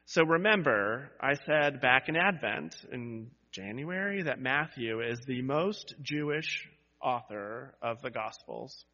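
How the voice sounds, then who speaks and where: A man's voice: medium pitch, animated, takes it slowly, bright, forceful tone. A man pastor preaching a sermon to his congregation, building to emphatic repeated cries and dropping into conversational asides. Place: church sanctuary. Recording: dull sound with long church reverb.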